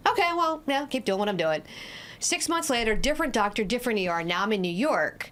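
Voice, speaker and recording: A woman in her forties, an addiction specialist, telling her story as a podcast guest in a blunt, lively way and swearing freely. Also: mid-range voice, fast. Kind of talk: candid conversational storytelling.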